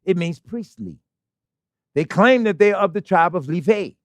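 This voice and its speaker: Emphatic high-voiced male preacher, dry sound. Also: lively intonation, unhurried, dry recording. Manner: emphatic, conversational preaching with rhetorical questions. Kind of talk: fiery sermon. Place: assembly hall in Baltimore.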